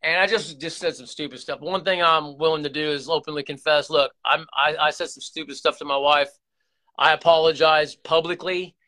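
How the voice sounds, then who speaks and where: Earnest, rambling man with a bright voice. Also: a little high, steady tone, moderate pace. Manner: rambling, earnest, many restarts and repeated words. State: emotional, close to tears. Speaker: YouTube channel host. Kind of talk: candid confessional vlog talk.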